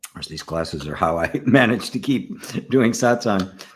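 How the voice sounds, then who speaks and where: An older man, a spiritual teacher, giving a relaxed satsang talk, often checking in with "right?" and soft laughs. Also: low voice, a little slow. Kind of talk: satsang talk, answering questions.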